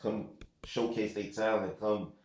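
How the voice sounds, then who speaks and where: A man's voice: fairly low pitch, steady tone, a little slow, darkish tone, echoey room, far from the mic. A man hosting a podcast in a casual interview chat, talking laid-back and slangy with lots of fillers. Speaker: podcast host.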